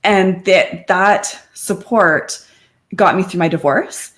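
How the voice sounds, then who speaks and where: Speaking slowly in a fairly low voice, a middle-aged woman guests on a podcast and shares her life story openly and conversationally. It's a candid personal interview, and she quotes her friends in lively voices.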